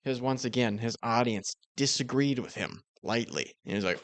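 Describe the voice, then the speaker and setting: A man's voice: medium pitch, moderate pace, no echo. Man doing mocking commentary, dry close sound. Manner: sarcastic, mocking. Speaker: commentary YouTuber. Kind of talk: casual commentary.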